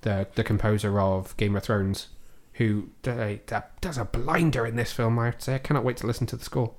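A man's voice: medium pitch, fairly even intonation, fairly quick, a little mellow. A man hosting a casual film review podcast from home, thoughtful and a little hesitant as he weighs his opinions. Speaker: podcast host. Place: at home, cat on the desk.

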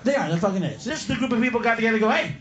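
A man's voice: high-pitched, animated, racing, lo-fi sound, a little hiss or hum. A man performing a profane, mocking stand-up comedy routine, laughing mid-line, at a live comedy venue. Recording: echoey live room with loud crowd.

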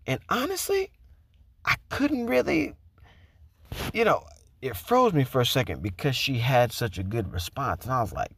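A man who works as a teacher, telling a story casually, with profanity and animated quoted voices. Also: medium pitch, normal speed, husky.

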